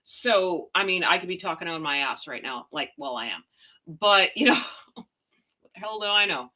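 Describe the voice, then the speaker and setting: A woman's voice: on the low side, moderate pace, sharp tone. A middle-aged woman from Canada, ranting in casual, blunt, sarcastic commentary with slang and mild swearing. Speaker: commentary vlogger.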